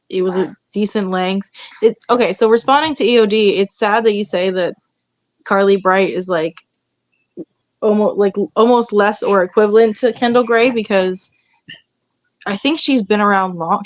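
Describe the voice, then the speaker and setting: A woman's voice: medium pitch, no echo. Hesitant woman giving a match grade. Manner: hesitant, thinks aloud with many fillers. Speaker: podcast co-host. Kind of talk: casual wrestling review chat.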